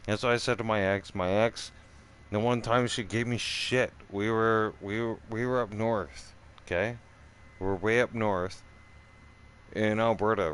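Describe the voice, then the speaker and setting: A middle-aged man talks in a slow, drawling, low voice that stays smooth and clear. He rambles casually, swears often and keeps tossing in "right?" to the listener. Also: a bit bright. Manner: profane, rambling storyteller with many "right?" asides. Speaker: streamer.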